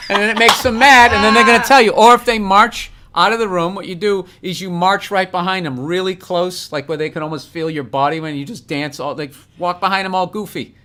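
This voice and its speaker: A middle-aged man in casual comedic chat on a podcast, blunt and animated, acting out quoted lines as he tells stories. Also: high voice, a little fast, few pauses, a little hiss or hum. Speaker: podcast guest.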